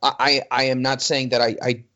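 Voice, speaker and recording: A man co-hosting a casual podcast, talking in an animated, exclaiming, exasperated way. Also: medium pitch, brisk. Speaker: podcast co-host. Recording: dull lo-fi audio.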